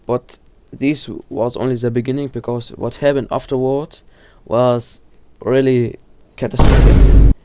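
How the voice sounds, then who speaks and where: Stammering man with a mellow voice. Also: medium pitch, steady tone, unhurried, slight background noise. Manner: stumbling, frequent restarts and self-corrections; informal, filler-heavy delivery. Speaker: YouTube lore explainer. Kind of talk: casual horror lore explainer.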